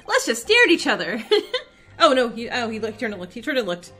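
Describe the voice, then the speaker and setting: A woman's voice: a little high, very animated, moderate pace, bright, forceful tone. Giggly woman doing game commentary. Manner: giggly, joking asides. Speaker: gaming video host. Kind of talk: let's play commentary. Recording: faint game music behind.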